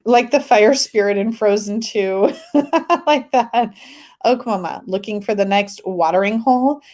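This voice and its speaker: A woman's voice: mid-range voice, a little slow, darkish tone. Woman doing a chatty tarot livestream, giggles a lot, reads comments out. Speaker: tarot live stream host. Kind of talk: casual live stream chat.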